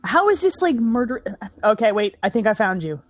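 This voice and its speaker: A woman's voice: on the high side, very animated, normal speed, dry recording, studio quality. A woman making sarcastic, profane running commentary on a film with a friend. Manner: sarcastic, swearing, mocking the film. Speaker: movie riff co-host. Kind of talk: casual movie commentary.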